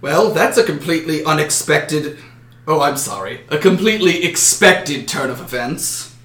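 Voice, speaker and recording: A man voicing a male wizard with a wry, measured delivery. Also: a little high, expressive, a bit bright. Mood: sarcastic. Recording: roomy echo.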